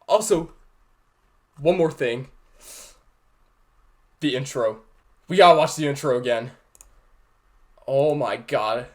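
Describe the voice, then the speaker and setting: A man hosting a fan reaction video, gushing and shouting with excitement over the show he is watching. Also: fairly high pitch.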